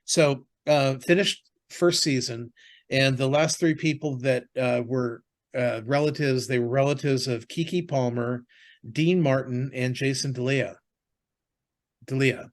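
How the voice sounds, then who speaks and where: A podcast co-host with a mid-range voice chats casually about TV shows and movies at a measured pace. His intonation is fairly even, and he rambles with plenty of fillers and restarts.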